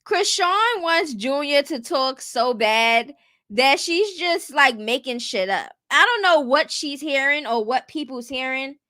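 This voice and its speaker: High, expressive and slow, this woman sounds bright and forceful, with no echo. She's a blunt, rhetorical commentary host in a casual format who often turns to viewers asking "you get what I'm saying".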